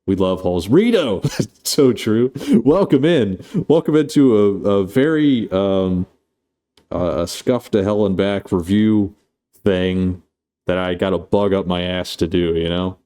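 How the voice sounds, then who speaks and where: Casual streamer, male, deep and dark-toned, loose and foul-mouthed. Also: steady tone, moderate pace, clean tone. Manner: rambling, profane, playful. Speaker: streamer reviewing a film. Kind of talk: casual live-stream chat.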